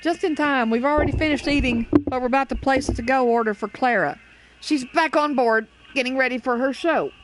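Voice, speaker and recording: A woman reading a friendly game character's lines aloud in a slightly lower voice, with a plain reading. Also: a little fast, noisy background, lightly acted.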